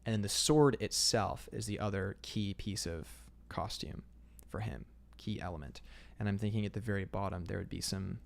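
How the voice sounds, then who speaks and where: A man's voice: fairly low pitch, creaky. A young man casually chatting on a livestream, reading out comments and rambling with lots of fillers. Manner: laid-back and rambling, drawn-out fillers, calls chat "man". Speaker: illustrator streaming live.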